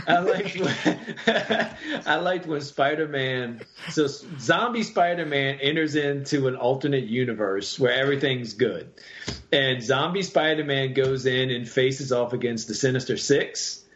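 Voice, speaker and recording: A man chatting casually on a podcast, telling stories with lively acted-out character voices. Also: medium pitch, unhurried, a little hiss or hum. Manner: animated storyteller who acts out character voices. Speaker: podcast co-host. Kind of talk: casual chat. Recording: dull lo-fi audio.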